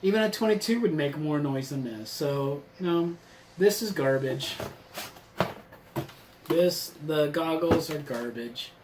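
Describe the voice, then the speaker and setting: A man's voice: on the high side, measured pace, long pauses, noisy background. A man casually reviewing a survival gear box on his channel, rambling and sarcastic, swearing freely. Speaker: vlogger reviewing a subscription box.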